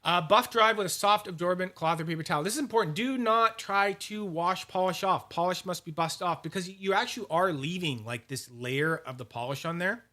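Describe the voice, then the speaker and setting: Hosting a casual livestream for his fidget collector channel, a man rambles and curses while demonstrating polishing and reading viewers' names from the chat. His voice is high-pitched, bright, and forceful, with frequent restarts, fillers, and quick asides.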